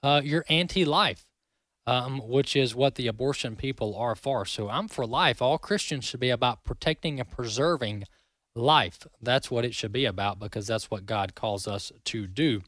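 A man's voice: medium pitch, normal speed, fairly bright tone, dry recording. A male talk show host giving opinionated commentary in an emphatic, indignant manner.

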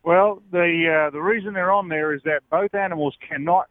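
A male caller with an Australian accent, a truck driver, explaining things in a relaxed way over the phone. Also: a little high, normal speed, no room sound. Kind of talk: phone-in call. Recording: tinny phone line.

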